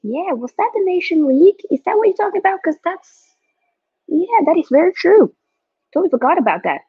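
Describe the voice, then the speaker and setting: A young woman hosting a live football watchalong from home, excitable and reading out viewer chat. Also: very high voice, brisk, no room sound. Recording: dull lo-fi dry mic.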